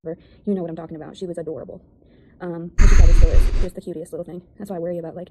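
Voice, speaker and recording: A woman's voice: lowish voice, flat delivery, racing, warm tone, a little hiss or hum, poor audio. A woman talking in a rambling, defensive monologue about her life and critics. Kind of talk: casual video monologue.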